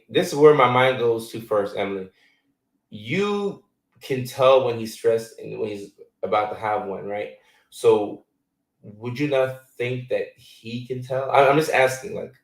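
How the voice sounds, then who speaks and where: A man's voice: fairly low pitch, gravelly, roomy sound, distant mic, poor audio. A man in his thirties, born in Ghana, hosting a casual live chat and answering viewer questions in a loose, filler-heavy way. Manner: loose and conversational, many fillers.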